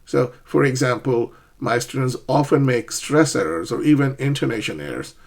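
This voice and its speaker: A man's voice: medium pitch, animated, normal speed, gravelly. A middle-aged man teaching an online English lesson, explaining steps and checking in with "okay?" and "right?".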